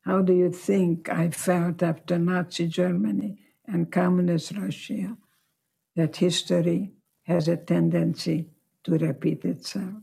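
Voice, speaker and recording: A woman in her nineties, a guest telling her life story slowly and reflectively. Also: on the low side, flat delivery, gravelly, mellow, slightly rough. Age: 90s.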